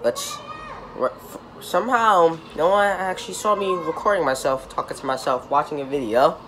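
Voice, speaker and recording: A man's voice: fairly high pitch, moderate pace, bright, forceful tone. A young man hosting a casual reaction video from his apartment. He rambles, repeats himself and corrects himself mid-sentence. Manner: rambling, repetitive, self-correcting. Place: apartment room. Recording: noisy home recording.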